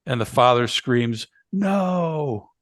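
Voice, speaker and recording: A man's voice: medium pitch, measured pace, fairly bright tone, dry recording, studio quality. A man co-hosting a podcast, casually retelling a movie plot step by step with many fillers and restarts. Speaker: podcast co-host. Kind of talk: casual movie review chat.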